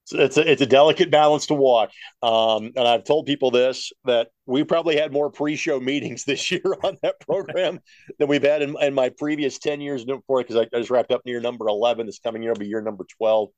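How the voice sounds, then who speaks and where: A middle-aged man, a play-by-play broadcaster, telling long stories in an interview in a steady, matter-of-fact way. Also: mid-range voice, a little fast, no echo, muffled recording. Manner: talks at length, steady and matter-of-fact, acts out what he told callers.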